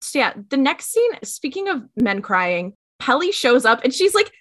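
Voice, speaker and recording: A woman co-hosting a casual podcast chat, expressive and chatty. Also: high voice, moderate pace. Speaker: podcast co-host.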